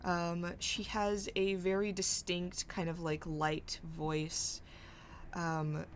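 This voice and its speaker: A woman narrating a tabletop role-playing game as game master, halting and searching for her words as she describes scenes. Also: fairly low pitch, flat delivery, slight background noise.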